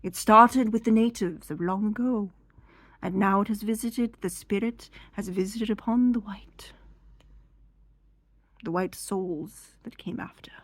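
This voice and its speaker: A woman voicing a wise, mystical horse that speaks slowly and solemnly in a hushed, half-whispered voice. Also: medium pitch, no echo, natural voice.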